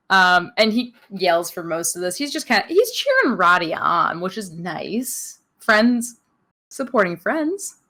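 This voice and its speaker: A young American woman from upstate New York, co-hosting a podcast in loud, animated, joking casual chat. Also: mid-range voice, slow. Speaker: podcast co-host.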